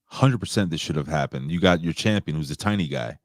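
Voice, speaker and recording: A man's voice: very deep voice, fairly quick, no room sound, studio quality. A man hosting a wrestling podcast, blunt and emphatic, often repeating his points. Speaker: podcast host. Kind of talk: casual podcast chat.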